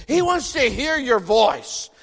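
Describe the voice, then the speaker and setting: A man in his sixties, originally from the northern United States, preaching a sermon in an animated, folksy way, full of rhetorical questions. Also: extremely high pitch, takes it slowly, gravelly. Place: church sanctuary. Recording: long reverb of a large hall.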